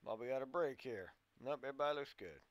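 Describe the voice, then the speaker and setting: A man with a medium-pitched, lively voice talks fast while giving casual play-by-play on a basketball video game. Like a folksy coach, he keeps calling his players boys and son, growing louder and more urgent during play.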